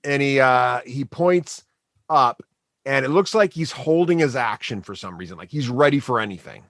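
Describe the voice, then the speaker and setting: A man narrating as game master of a tabletop game, animated and laughing, adding sound effects. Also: mid-range voice, moderate pace, gravelly, no room sound, clean studio sound.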